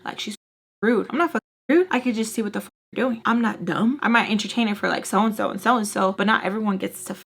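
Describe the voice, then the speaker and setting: A woman's voice: medium pitch, quick pace, creaky, fairly bright tone, husky. A woman telling a story in a casual, blunt, heated way, swearing a lot and saying "like" constantly. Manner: heavy swearing, frequent "like" fillers. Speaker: storytime vlogger.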